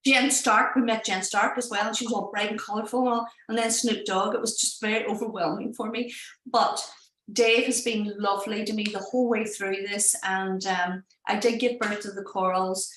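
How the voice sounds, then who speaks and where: Irish woman, middle-pitched voice, animated storyteller, echoey room. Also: moderate pace. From Ireland. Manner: animated, acts out voices in quotes. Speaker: project founder and guest. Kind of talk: casual storytelling.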